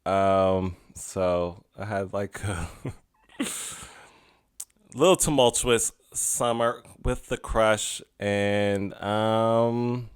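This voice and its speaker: A young adult man hosting a solo podcast in a casual, chatty way, laughing often and drifting between loud asides and quiet musing. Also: lowish voice, extremely slow, smooth, no echo, clean studio sound. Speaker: podcast host.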